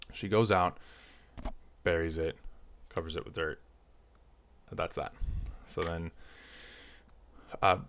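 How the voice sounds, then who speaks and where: A man telling a comic family story in a rambling, nervous way, full of restarts. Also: deep voice. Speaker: channel host.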